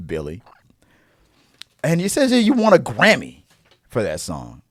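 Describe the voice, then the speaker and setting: A man with a fairly low voice, hosting a movie show in casual, heated chat. He drops to hushed asides, then jumps to loud outbursts, stumbling over repeated words as he goes. The sound is dry and close. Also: dry recording. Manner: animated, swings from hushed asides to loud exclamations; frequent restarts and repeated words. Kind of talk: casual opinion talk.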